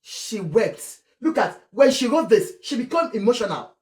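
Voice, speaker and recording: A Nigerian woman giving animated, scolding commentary on celebrity gossip, slipping between English, Yoruba and Pidgin. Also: fairly high pitch, normal speed, echoey room. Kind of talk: casual commentary vlog.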